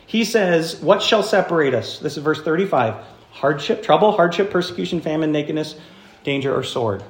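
A man preaching a sermon to a congregation in a church hall, animated and emphatic, often asking the room questions. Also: fairly high pitch, moderate pace. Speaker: pastor.

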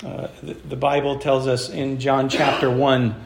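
A man's voice: medium pitch, flat delivery, measured pace, gravelly, roomy sound. A man preaching a sermon as pastor, talking in a conversational way with fillers and restarts. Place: church.

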